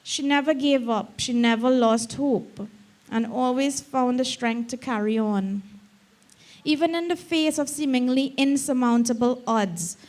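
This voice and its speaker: A middle-aged Trinidadian woman, a daughter giving a funeral eulogy, reading slowly and earnestly and close to tears at times. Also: fairly high pitch, a little mellow. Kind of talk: funeral eulogy read aloud.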